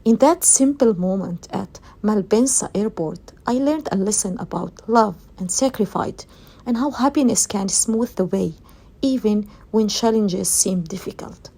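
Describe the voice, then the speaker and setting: Lady reading her airport story, lively pitch, a bit gravelly. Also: measured pace. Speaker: listener telling a travel story. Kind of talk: reading a personal anecdote.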